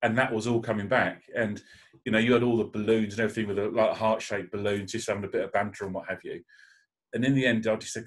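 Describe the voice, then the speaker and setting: A man with a fairly low voice speaks candidly on a panel. He tells his own story with feeling, often pausing and restarting his sentences. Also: steady tone. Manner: candid, emotional, halting with restarts. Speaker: panel guest. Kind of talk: personal story on a video call panel.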